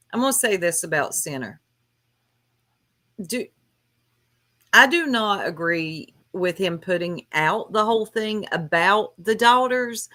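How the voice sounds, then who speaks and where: Woman streamer ranting real slow, scolding, bright sharp voice. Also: lowish voice. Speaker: livestream host. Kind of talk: casual livestream commentary.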